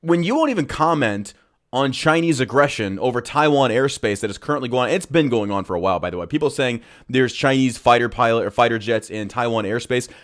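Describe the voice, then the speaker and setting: Man, live stream reaction host, profane, incredulous, mid-pitched voice. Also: lively intonation, brisk, a bit bright.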